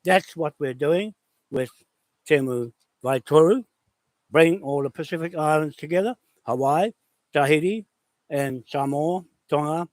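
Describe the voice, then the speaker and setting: Man, from New Zealand, fairly high voice, impassioned live monologue, angry declaiming, dry sound. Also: a little slow, no room sound, rough recording. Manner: declamatory, listing names in short bursts, angry. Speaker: vlogger making a live video. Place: outdoors on his land.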